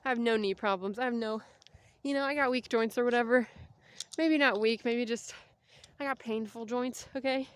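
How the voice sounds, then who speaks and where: There's no room sound on this clip of a woman in her thirties vlogging on a street walk. She talks at a moderate pace in a slightly high voice, a bit out of breath, chatting loosely and veering into side topics.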